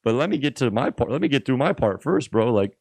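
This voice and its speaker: A man guest on a casual podcast telling animated, slangy stories about restaurant work, swearing freely and calling people "bro". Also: medium pitch, fast, no echo.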